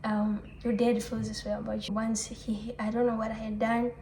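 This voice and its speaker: A young woman talking through a personal confessional vlog, reflective and halting, often restarting her sentences and letting out soft sighs. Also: fairly high pitch, little pitch movement, a little hiss or hum. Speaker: vlogger. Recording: echoey room.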